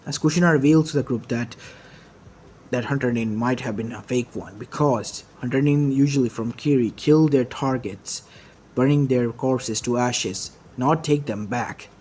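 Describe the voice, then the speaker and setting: A man narrating an amateur fan-made story in a halting way, often restarting his phrases. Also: mid-range voice, darkish tone, slight background noise.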